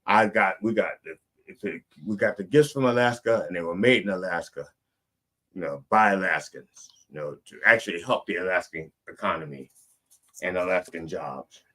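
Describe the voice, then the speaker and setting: A middle-aged man, the show's comedic preacher host, telling a rambling, animated story and swinging between loud and soft. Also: low voice, moderate pace.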